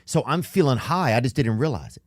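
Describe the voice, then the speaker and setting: A man hosting a casual podcast chat, telling stories in a loose, halting way. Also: medium pitch, lively intonation, no echo, clean studio sound. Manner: loose, halting storytelling with trailing pauses. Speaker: podcast host.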